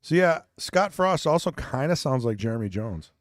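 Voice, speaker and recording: A man commentating a pool match in a relaxed, chatty way. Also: medium pitch, moderate pace, no echo, clean studio sound. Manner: easygoing, chatty. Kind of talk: live sports commentary.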